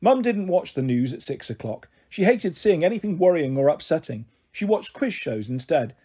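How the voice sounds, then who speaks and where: Animated man reading a children's story. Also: fairly high pitch, normal speed, breathy edge. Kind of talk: reading a children's book aloud.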